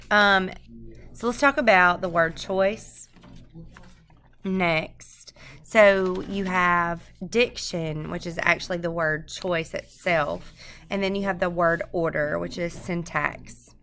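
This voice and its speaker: Low, slow, gravelly-voiced woman lecturing. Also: steady tone, a bit bright, a little hiss or hum. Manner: halting, explanatory, many um fillers. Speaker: presenter explaining a poem. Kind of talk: screencast lecture.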